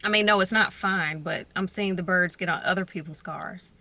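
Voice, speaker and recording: A woman's voice: lowish voice, normal speed, pushed and bright, dry recording. A young woman chatting casually to her phone camera from a parked car, slangy and self-mocking. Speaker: vlogger. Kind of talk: casual vlog chat. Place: parked car in a parking garage.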